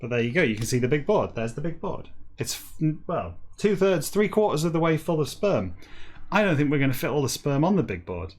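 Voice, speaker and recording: A man hosting a comic show, reading a text backwards in a deadpan voice and breaking off for dry, self-mocking asides. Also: fairly high pitch, brisk, slightly rough. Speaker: host reading a novel backwards.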